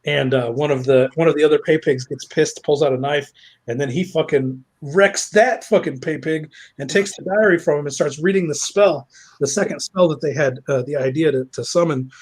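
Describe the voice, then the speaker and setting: Raspy guy recapping a story, lots of ums and swearing, kinda high voice. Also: normal speed. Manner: rambling, profane, lots of fillers. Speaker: reviewer. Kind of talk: casual spoken retelling.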